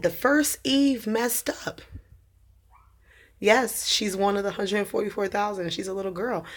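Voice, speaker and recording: A young woman talking casually about faith and her children's dreams, rambling with many fillers and restarts and laughing at her own jokes. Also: medium pitch. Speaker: religious vlogger. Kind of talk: casual preaching monologue.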